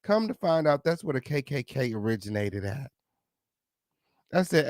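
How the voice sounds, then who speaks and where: Brash, foul-mouthed gossip host, dry sound. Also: male voice, medium pitch, sing-song, moderate pace, long pauses, darkish tone, no room sound. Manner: brash, sassy, swearing, repeats "okay" and "period". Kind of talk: profane celebrity gossip commentary.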